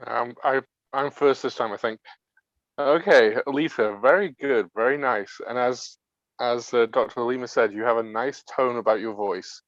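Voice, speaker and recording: Halting, friendly male evaluator. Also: mid-range voice, a bit bright, dry recording, highs cut off. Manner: friendly, halting, many restarts. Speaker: speech evaluator. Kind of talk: casual spoken feedback.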